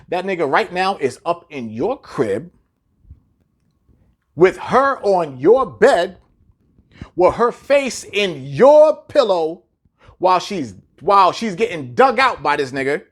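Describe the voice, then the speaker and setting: A man's voice: high voice, big pitch swings, slow. A man delivering a blunt, profane monologue full of rhetorical questions and repetition, lecturing his audience. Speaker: commentator. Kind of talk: preachy monologue to camera.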